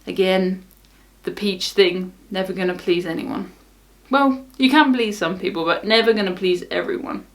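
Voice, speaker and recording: A woman's voice: medium pitch, moderate pace. A young woman from the south of England with a southern English accent, chatting casually to camera as a cruise vlogger in a wry, unbothered way. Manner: wry, unbothered, laughs things off.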